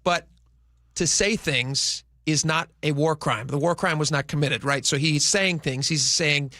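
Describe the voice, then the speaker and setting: Radio co-host, male, gravelly and a bit high, loose rambling delivery, dry studio sound. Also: measured pace, sharp tone, dry recording. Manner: rambling, restarts thoughts, conversational. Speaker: radio talk show co-host. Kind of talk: casual talk radio chat. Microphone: studio microphone.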